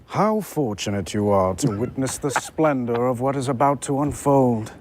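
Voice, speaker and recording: A man voicing an arrogant, sinister vampire lord, speaking slowly and theatrically. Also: mid-range voice, animated, a little mellow, slight background noise, pitched below the performer's own voice, close to an everyday voice. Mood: menacing. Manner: slow, menacing, theatrical.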